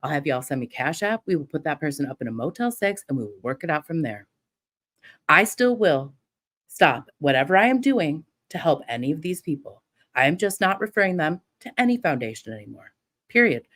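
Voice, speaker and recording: A middle-aged woman ranting through a livestream, swearing freely and defiant. Now and then she mocks her critics in sneering imitations. Her voice sits slightly low for a woman. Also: big pitch swings, fairly quick, fairly bright tone. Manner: profane, defiant, mocking imitations. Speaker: livestream host. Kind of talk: heated livestream rant.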